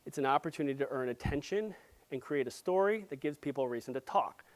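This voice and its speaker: A man giving a live conference presentation, playful and jokey, with quick asides to the audience. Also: medium pitch. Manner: grows loud and excited as he goes. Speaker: conference speaker.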